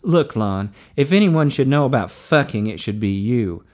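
A man reading aloud, voicing a brawny, blunt adult man in a hushed, matter-of-fact way. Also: mid-range voice, animated, moderate pace, natural voice.

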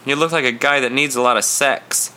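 A man voicing a bold, confident young male hitchhiker in his early twenties, warm and friendly but far too sure of himself. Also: mid-range voice, steady tone, fairly quick, slight background noise, lightly acted. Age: 20s.

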